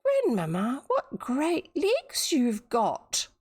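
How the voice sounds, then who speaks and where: A woman's voice: huge pitch swings, darkish tone, slightly rough, exaggerated voice. Wide-eyed little girl in a red hood, voiced by a woman. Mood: wondering. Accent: New Zealand. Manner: high, slow, wide-eyed questioning.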